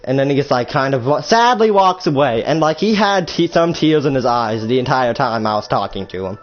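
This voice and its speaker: A man's voice: mid-range voice, lively intonation, brisk. Rambling young man telling a story. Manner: rambling, profane, full of fillers and restarts. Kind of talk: casual storytime. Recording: dull lo-fi recording with faint music.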